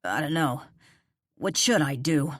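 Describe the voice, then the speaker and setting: A woman's voice: low voice, expressive, unhurried, no echo, studio quality. Woman voicing a frightened stammering man. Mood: scared. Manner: nervous, pleading, stammering. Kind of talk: audiobook character voice.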